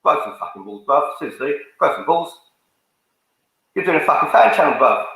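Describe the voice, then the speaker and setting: A man's voice: fairly high pitch, sing-song, moderate pace, creaky, fairly bright tone. Angry man ranting in echoey room. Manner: confrontational, swearing, repetitive, calls people out. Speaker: fan channel YouTuber. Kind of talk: angry rant to camera.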